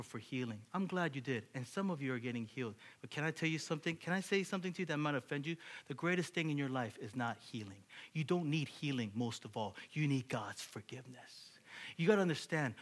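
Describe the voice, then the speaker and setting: A man preaching a sermon to his congregation, animated, asking rhetorical questions and building up to loud, excited peaks. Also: on the high side. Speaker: pastor.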